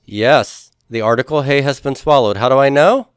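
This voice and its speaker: A man's voice: mid-range voice, moderate pace, clean tone, no echo, studio quality. A man teaching a Hebrew grammar class who explains each step patiently and puts questions to his students. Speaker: Hebrew instructor.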